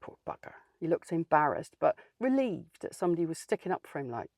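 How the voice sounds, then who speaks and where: A woman's voice: sits low, very animated, fairly quick, darkish tone, no echo, full character voice. A woman playing a feisty, outspoken older lady, telling a comic story in a dry, sardonic way. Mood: wry. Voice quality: dry, plain-spoken and sardonic. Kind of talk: comic character monologue.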